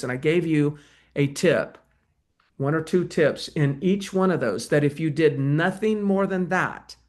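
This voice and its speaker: A man coaching real estate agents in a webinar, talking conversationally and acting out sales calls. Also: fairly high pitch. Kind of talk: webinar presentation and Q&A.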